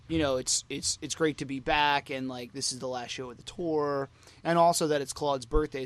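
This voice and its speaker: A man co-hosting a fan podcast, chatting casually and rambling with lots of "you know" and "like" fillers. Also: fairly high pitch. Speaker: podcast co-host.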